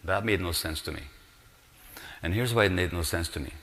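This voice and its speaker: An older man with a low voice gives an earnest lecture, pressing his points with rhetorical questions. His words ring out with a long hall reverb. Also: brisk, a bit bright. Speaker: speaker giving a lecture. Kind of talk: public lecture.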